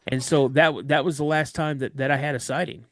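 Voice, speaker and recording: A man with a slightly high voice tells a story in an animated way. He acts out the other people in it. The mic is close and dry. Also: a little fast, no room sound. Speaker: podcast guest. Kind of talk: storytelling an encounter.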